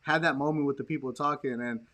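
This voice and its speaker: A man hosting a casual podcast chat, telling stories in an animated way and acting out the people he quotes. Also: medium pitch, fast talker, noisy background. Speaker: podcast host.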